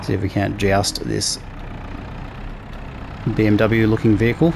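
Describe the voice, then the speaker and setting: Aussie guy chatting through his farming game, lowish voice, bit of game noise underneath. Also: unhurried, gravelly. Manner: relaxed, talks through each task as he plays. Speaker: gaming channel host. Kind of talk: casual let's play commentary.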